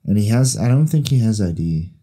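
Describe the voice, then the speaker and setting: A man with a low, dark and mellow voice co-hosts a podcast in casual chat. He tells stories in an animated way and swears freely. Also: a little fast. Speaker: podcast co-host.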